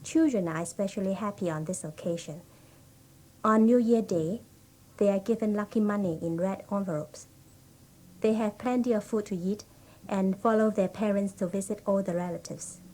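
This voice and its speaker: A woman with a Hong Kong English accent, a Cantonese native speaker, reading a prepared passage aloud with careful, measured, non-native phrasing. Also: medium pitch, darkish tone, poor audio.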